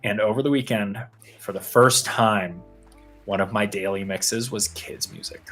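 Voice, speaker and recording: A man co-hosting a developer livestream, casually explaining code as he works, relaxed and self-deprecating. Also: lowish voice, measured pace, faint music behind. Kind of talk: casual chat while live coding.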